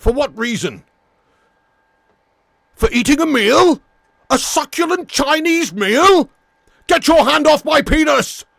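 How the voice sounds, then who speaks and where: An indignant arrested man, as a male streamer impersonates him, bellowing high and stretching every word. The sound is dry and close, with no room around it. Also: expressive, creaky, no room sound, full character voice. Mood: outraged. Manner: yelling, drawn-out, theatrical. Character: shouting Australian meme man being arrested, indignant.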